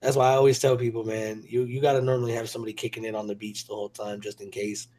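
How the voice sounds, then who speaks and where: A man's voice: lowish voice, level tone, very fast, dark tone. A man hosting a casual show, telling loose, profane stories and laughing often. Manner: swearing, laughing storyteller. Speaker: show host. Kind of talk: casual chat.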